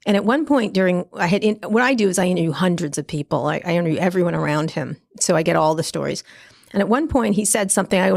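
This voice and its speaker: A woman in middle age rattles off quick, blunt anecdotes. Her voice has a gravelly fry. She swears freely and talks with punchy directness. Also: lowish voice, darkish tone. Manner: blunt, profane, fast anecdotes with laughs. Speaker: guest, tech journalist. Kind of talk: casual storytelling interview.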